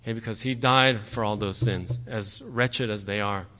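Guy preaching a sermon, earnest, keeps saying okay, gets loud on key words, big echoey hall. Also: fairly low pitch, fairly even intonation, normal speed. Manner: earnest, repeats "okay" often, rises in force on key words. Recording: long hall reverb.

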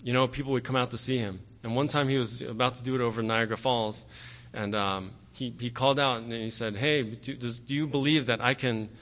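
A man preaching a sermon earnestly, often pausing on "okay" and growing forceful on key words. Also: mid-range voice, fairly even intonation. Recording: long hall reverb.

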